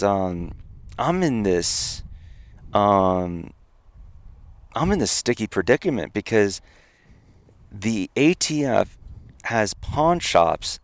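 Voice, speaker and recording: A man, a podcast guest, casually telling a long, animated story and laughing at his own misadventure. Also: on the low side. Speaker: podcast guest, company founder.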